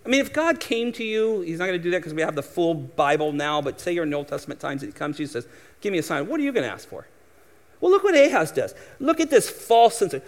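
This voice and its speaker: A man delivers a sermon in a high voice. He is emphatic, surging into loud exhortation and then sinking to quiet asides. He mocks doubters by acting out their words. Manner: acts out quoted voices of doubters in a mocking tone. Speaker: pastor.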